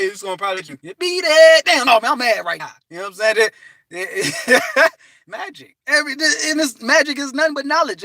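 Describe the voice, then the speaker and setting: A man giving an animated, preachy motivational talk from his parked car, breaking into bits of song and laughter. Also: extremely high pitch, no room sound. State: hot and restless. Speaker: vlogger.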